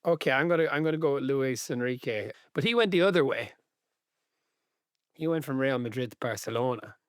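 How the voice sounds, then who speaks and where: A man's voice: mid-range voice, fairly quick, dry recording, studio quality. A man co-hosting a football podcast, chatting in a laid-back way with wry teasing. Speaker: podcast co-host. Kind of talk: casual football chat.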